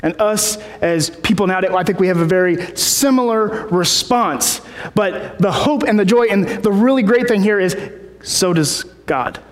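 A man's voice: sits high, animated, moderate pace. A man preaching a casual sermon, rambling with many fillers and restarts, heard in a large hall.

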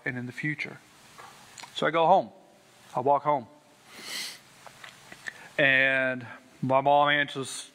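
Guy sharing his testimony, kinda high voice, bright and intense, really earnest. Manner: earnest, emphatic, repeats key words. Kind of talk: personal testimony storytelling.

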